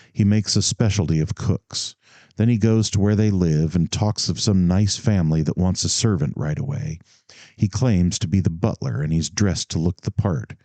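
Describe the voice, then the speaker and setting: A man's voice: sits low, dark tone, no room sound. A man voicing a shrewd, cheery, street-smart office boy who talks in eager slang.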